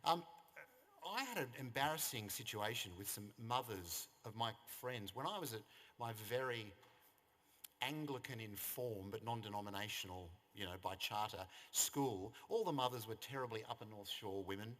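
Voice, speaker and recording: A man's voice: on the low side, animated, moderate pace, a bit bright. An Australian man in his fifties giving a eulogy at a funeral service, telling anecdotes with wry humour. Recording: long reverb of a service hall.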